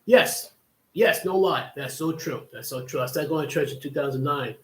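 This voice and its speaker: Man, livestream host, rambling storyteller, slightly high voice, echoey room. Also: moderate pace, fairly bright tone. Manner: rambling, with many restarts and asides. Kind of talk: casual storytelling monologue.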